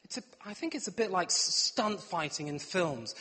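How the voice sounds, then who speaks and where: A middle-aged man preaches a humorous sermon in a playful, self-mocking way, acting out little scenes. His voice sits high for a man. A long reverb from the church hall trails behind him. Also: animated, normal speed, pushed and bright, breathy edge. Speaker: pastor.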